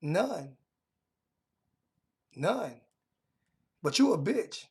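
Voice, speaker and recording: A man's voice: high-pitched, very animated, drawn-out words, darkish tone, slightly rough. A young man hosting a livestream from home, confrontationally trash-talking his chat and repeating phrases for emphasis. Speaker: livestream host. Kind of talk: heated livestream rant.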